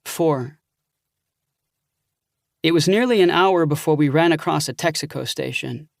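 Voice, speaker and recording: A man's voice: a little high, measured pace, vocal fry, no echo, studio quality. A man narrating an audiobook thriller in the first person, reading steadily.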